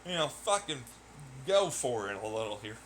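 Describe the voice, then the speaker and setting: A young man streams alone, rambling as he plays, swearing, laughing and ranting in irritation. His mid-range voice is very animated at a moderate pace, with background noise.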